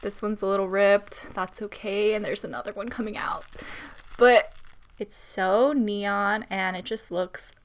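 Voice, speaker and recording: A young woman in a casual unboxing vlog who talks straight to her viewers, giggly and nervous with excitement. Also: medium pitch, measured pace. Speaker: plant vlogger.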